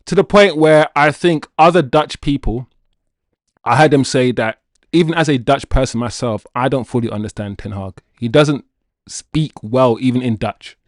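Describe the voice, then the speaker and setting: This football livestream host, a man with a mid-range voice and moderate pace, chats playfully with viewers and reads their messages out loud. He speaks to chat directly with animated energy, and the studio-quality recording has no room sound.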